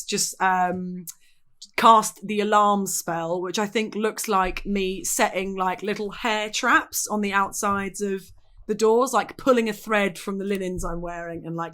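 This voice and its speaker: A woman playing her character in a tabletop role-playing game, lively and playful. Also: mid-range voice. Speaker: player.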